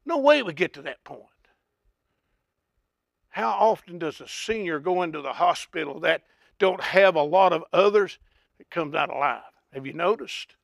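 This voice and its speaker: An older man preaching a folksy, impassioned sermon that swells into shouts. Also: high-pitched, expressive, normal speed, gravelly, long pauses, no echo, clean studio sound.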